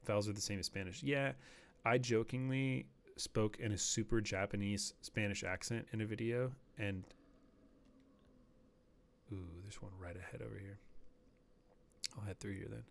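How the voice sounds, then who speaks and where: Low-voiced man chatting while gaming. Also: fairly even intonation, normal speed, gravelly, long pauses, a little hiss or hum. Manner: chatty, rambling, drops to a near whisper while sneaking. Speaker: streamer. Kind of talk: casual gameplay commentary.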